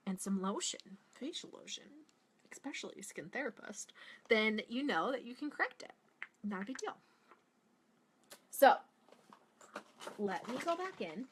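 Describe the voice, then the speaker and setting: A young woman with a Boston-area accent and a bright, forward voice talks through a makeup tutorial. She is casual and chatty, full of "like" and side tangents, and her pitch sits right in the middle. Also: husky. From Massachusetts, USA. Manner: chatty, rambling, frequent "like" and tangents. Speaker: beauty vlogger.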